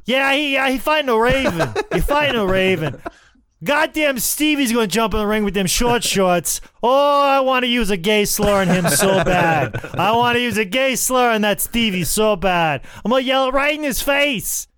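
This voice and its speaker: A man voicing a loudmouthed, crude male wrestling fan, brash and yelling. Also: very high voice, fairly even intonation, fast talker, hardly any pauses, smooth, pitched above the performer's own voice. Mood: rowdy.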